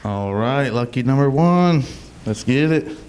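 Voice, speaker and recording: A man in his thirties opening a stand-up comedy set in a laid-back, deadpan way. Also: medium pitch, unhurried, a little hiss or hum. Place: comedy club stage.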